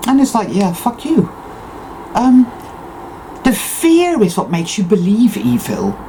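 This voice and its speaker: A woman talks in an intense, emphatic monologue that swears freely. Her pitch swings widely, and her tone stays mellow and warm. Faint noise sits behind her. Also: very animated, slow pace, poor audio. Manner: emphatic, intense and profane self-affirmation. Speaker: spiritual vlogger. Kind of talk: unscripted personal monologue.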